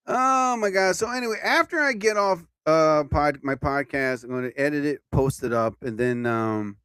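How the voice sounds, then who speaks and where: A man's voice: a little high, moderate pace, fairly bright tone, smooth, dry recording. A man hosting his own live stream as a comedian, chatting casually and rambling from topic to topic.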